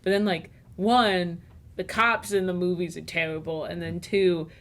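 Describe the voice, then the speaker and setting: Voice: mid-range voice, steady tone, a little slow, fairly bright tone. A guest in casual conversation about a film. Sarcastic and playful, with joking asides. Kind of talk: casual chat about movies.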